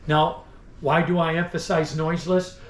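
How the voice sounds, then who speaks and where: A man's voice: on the high side, flat delivery, normal speed. A man giving a museum tour as a theatrical old-time salesman, teasing and addressing his visitors directly. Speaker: costumed museum tour guide. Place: indoor store museum among visitors. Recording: echoey room, faint background noise.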